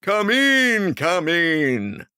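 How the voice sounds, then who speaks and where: A woman voicing a cunning fox who talks in a slow, coaxing way. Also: fairly low pitch, very animated, bright, forceful tone, clean tone, no echo, studio quality, voice pushed up, heavily acted. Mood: sly. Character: sly smooth-talking male fox, cunning.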